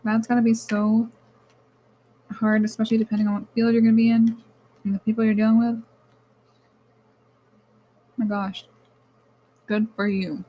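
A young woman hosting her own podcast, speaking in a candid, animated, casual monologue that often turns to swearing. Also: on the high side, normal speed, pauses often, rough recording. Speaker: podcast host.

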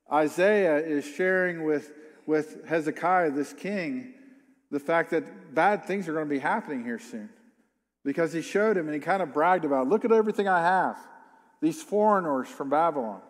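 A man preaching a sermon, reading scripture aloud and then commenting on it with rising emphasis and repeated questions. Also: a little high. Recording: long hall reverb.

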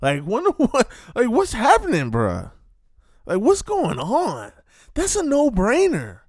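A man with a high voice that swings widely in pitch, ranting in a casual monologue. He hammers the same rhetorical questions again and again and leans on streetwise slang. The recording is dry and close. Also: wildly swooping pitch, slow pace, darkish tone, dry recording.

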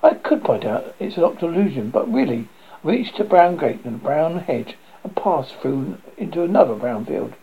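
A man reading his own book aloud in the first person, theatrical and lively, with sudden loud exclamations. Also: on the high side, moderate pace, gravelly, a little hiss or hum. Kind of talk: first-person storybook narration. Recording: dull lo-fi audiobook recording.

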